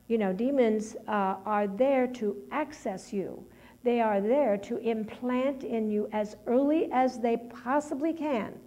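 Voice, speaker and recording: A woman's voice: a little high, mellow. A middle-aged woman preaching a personal testimony sermon, talking in a conversational, rambling way with many restarts and fillers.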